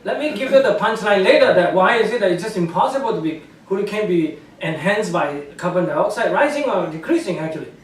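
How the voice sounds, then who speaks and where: High-voiced man lecturing in an echoey hall. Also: fairly quick, hardly any pauses, distant mic. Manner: animated, scornful, laughs at his own points; non-native English grammar. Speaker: guest speaker, scientist. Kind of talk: public lecture with slides. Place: lecture room with audience.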